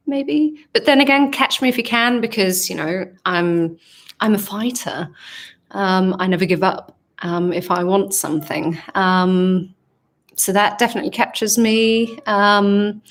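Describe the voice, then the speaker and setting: At a measured pace and medium pitch, a singer from southern England answers fan questions on a casual livestream. She reads the comments aloud and replies reflectively, hesitating with plenty of ums.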